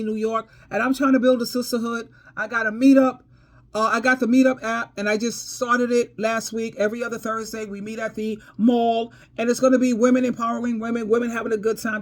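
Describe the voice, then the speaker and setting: Fairly quick and fairly high-pitched, this woman keeps a level tone while giving casual storytime advice. The vlogger preaches emphatically, calls listeners "baby" and "girl," repeats phrases for emphasis, and laughs between points.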